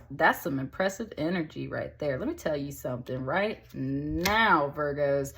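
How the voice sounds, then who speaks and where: A woman's voice: deep voice, animated, unhurried, hardly any pauses, a bit bright. Chatty woman giving a tarot reading. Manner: chatty and upbeat, with many fillers and laughs; speaks directly to viewers with endearments. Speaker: tarot reader. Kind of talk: casual tarot reading to camera.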